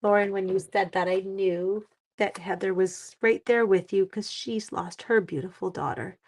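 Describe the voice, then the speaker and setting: A middle-aged woman, chatting on a live stream while crafting, warm-hearted and getting teary. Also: mid-range voice, fairly even intonation, moderate pace. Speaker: livestream crafting host.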